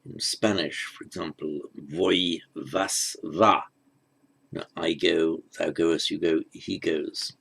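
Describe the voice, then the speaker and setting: Gravelly low-voiced man teaching grammar. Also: fairly even intonation, fairly bright tone. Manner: measured, explanatory, with frequent restarts. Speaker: language teacher. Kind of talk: recorded grammar lesson.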